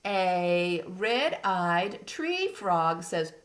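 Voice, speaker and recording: Slow sing-song woman teacher. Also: medium pitch, expressive, fairly bright tone, echoey room. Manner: patient, sing-song, talks to small children. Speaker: kindergarten teacher. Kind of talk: reading lesson for young children.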